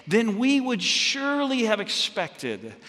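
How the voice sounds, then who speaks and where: A man preaching a sermon as pastor, telling stories in a halting way with many restarts and fillers. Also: extremely high pitch, huge pitch swings, bright, forceful tone, long reverb tail.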